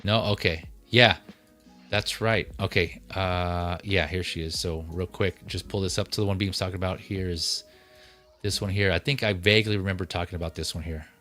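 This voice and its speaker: A man's voice: low-pitched, moderate pace, soft background music. A man hosting a casual livestream about collectible figures, chatting loosely with fillers and restarts. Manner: relaxed, rambling, many fillers and restarts. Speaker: livestream host.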